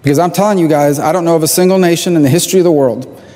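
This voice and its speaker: A man's voice: on the high side, rapid-fire, mellow. A man giving an impassioned floor speech, played back from an archive recording. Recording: archive speech in a large echoey chamber.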